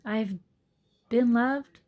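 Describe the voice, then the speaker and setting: This yoga teacher's voice is a little high and extremely slow as she talks earnestly into her phone. It's a soft-spoken, reflective personal monologue, and now and then she drops to a whisper for an aside.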